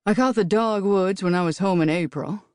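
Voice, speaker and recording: A woman's voice: mid-range voice, moderate pace, a little mellow, dry recording, studio quality, natural voice. A woman voicing an amiable male US marshal with a Southern accent and a teasing, easygoing manner.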